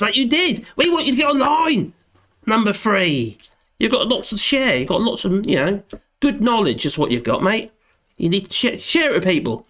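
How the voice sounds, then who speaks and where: Middle-aged male streamer, high voice with a bouncy, lively delivery, jokey and self-deprecating. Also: moderate pace. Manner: rambling, jokey, self-deprecating, chuckles often. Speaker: live stream host reading chat. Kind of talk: casual live stream chat.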